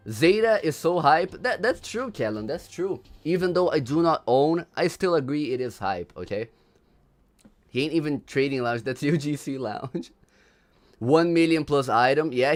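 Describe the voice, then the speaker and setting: A young man from Brazil with a Brazilian accent, hosting a casual livestream, laughing often and repeating himself in slangy chatter. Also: a little high. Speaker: livestream host.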